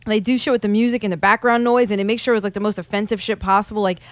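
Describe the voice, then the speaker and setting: A woman's voice: mid-range voice, steady tone, very fast, dry recording. A woman co-hosting a casual podcast, talking about movies in a profane, laughing way. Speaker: podcast co-host.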